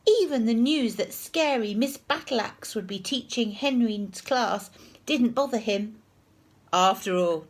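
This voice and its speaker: A woman reads a picture book aloud to children, slowly and expressively. Her fairly high voice moves a lot in pitch. Now and then it drops to a hush. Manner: expressive, hushed in places. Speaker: storyteller reading to children.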